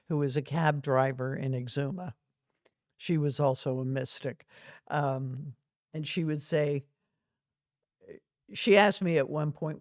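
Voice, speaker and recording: A retired reverend, appearing as a guest, shares personal stories in conversation, speaking earnestly and chuckling softly through her anecdotes. She has a low voice, captured in a dry, studio-quality recording.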